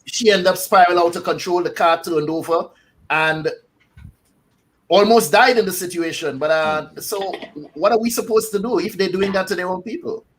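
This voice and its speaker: A man's voice: high voice, normal speed, fairly bright tone, slightly rough. A man co-hosting a casual online panel discussion, greeting viewers and reading out their comments in a playful way. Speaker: co-host.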